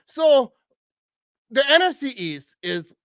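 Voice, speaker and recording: Casual sports host, man in his 40s, high lively voice, rambling delivery, dry close mic. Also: slow, no room sound. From Wisconsin, USA. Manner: rambling, laughs often, repeats himself. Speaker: podcast host.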